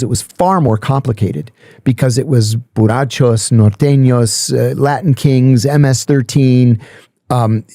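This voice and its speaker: A man's voice: medium pitch, no echo, studio quality. A middle-aged man casually telling stories on a podcast, acting out the people he quotes. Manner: animated storyteller, acts out quoted voices. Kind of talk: casual storytelling chat.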